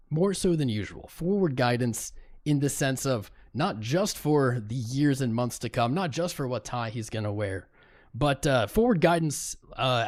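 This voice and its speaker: A man hosting a live stream, chatting casually and greeting viewers in chat by name. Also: medium pitch. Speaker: livestream host. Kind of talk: casual livestream commentary.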